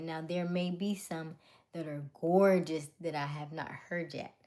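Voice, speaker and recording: A woman's voice: sits low, darkish tone. A woman hosting a casual livestream, chatting with viewers and answering their comments, often laughing. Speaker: livestream host. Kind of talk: casual live chat with viewers.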